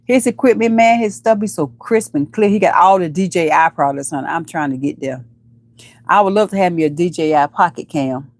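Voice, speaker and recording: A woman hosts a casual livestream, chatting playfully with viewers, calling them baby and honey, and breaking into high squeals.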